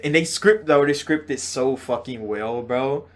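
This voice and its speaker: A young man hosting a gaming channel, talking excitedly in a casual game reaction, cursing freely and swinging between loud outbursts and slow, drawn-out stresses. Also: a little high.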